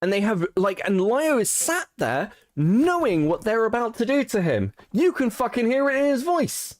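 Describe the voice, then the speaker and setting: A man's voice: very high-pitched, sing-song, normal speed, no echo, studio quality. Heated man streaming commentary. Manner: heated, swearing, frequent restarts. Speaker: stream host.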